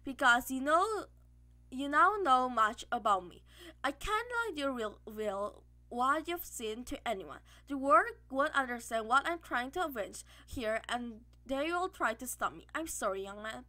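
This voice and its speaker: A woman voicing a grandiose, mad and very rich man who is a villain, speaking in calm, self-assured speeches. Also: sits high, measured pace, full character voice. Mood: persuasive.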